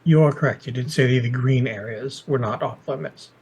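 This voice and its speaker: A man acting as game master for a tabletop roleplaying game. His voice is husky and breathy at a middle pitch, and he gives the players calm, measured advice. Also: poor audio.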